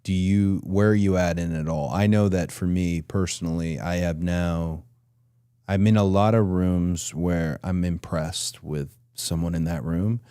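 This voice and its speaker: A man's voice: sits low, fairly even intonation, unhurried, dark tone, clean tone, no echo, studio quality. A man in his forties hosting a casual interview, rambling and restarting his thoughts. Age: 40s. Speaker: podcast host.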